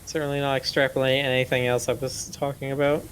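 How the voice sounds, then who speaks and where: A man's voice: mid-range voice, flat delivery, fast, fairly bright tone, slight background noise. A man joking and trading trivia in a casual chat on a game stream.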